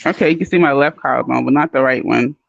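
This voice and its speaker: A woman calling into an online chat show, playful and chatty with a slangy, relaxed way of talking. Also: extremely low pitch, quick pace, vocal fry. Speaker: caller. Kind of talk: casual call-in chat. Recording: dry dull call audio.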